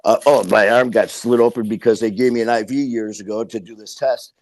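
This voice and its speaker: A man's voice: medium pitch, fairly even intonation, fairly quick. A man as a podcast guest, telling his story casually and bluntly, swearing and acting out what people said. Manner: blunt, profane, acts out quoted dialogue.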